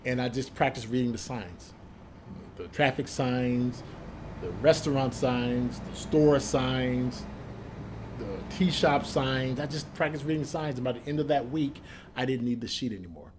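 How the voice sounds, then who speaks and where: Against a noisy background, a medium-pitched man talks a little slowly as he recalls his time as an Army soldier and Korean linguist. The American interviewee narrates with animation, voicing quoted lines and frequently repeating himself or starting over.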